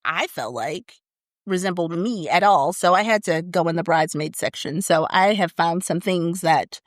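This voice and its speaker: A woman's voice: on the low side, normal speed, dry recording, studio quality. A woman in her fifties co-hosting a casual podcast chat, candid and laughing often. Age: 50s. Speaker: podcast co-host.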